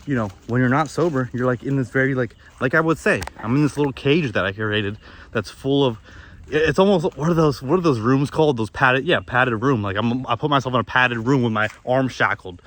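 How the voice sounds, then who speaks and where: A man's voice: medium pitch, brisk, fairly bright tone. A young man outdoors in the woods, rambling candidly and profanely through a confessional monologue, often restarting his sentences. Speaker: vlogger.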